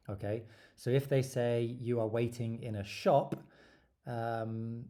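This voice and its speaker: A man giving an exam tips lesson, lively and stressing his words. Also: mid-range voice. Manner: lively, stresses words, acts out sample dialogue. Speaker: English teacher.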